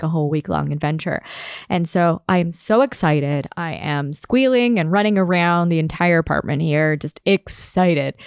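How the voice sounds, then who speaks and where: A woman's voice: fairly low pitch, clear, resonant tone, dry recording, clean studio sound. Chatty woman telling a travel story. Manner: chatty, animated, laughs often while telling a story. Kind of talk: casual storytelling vlog.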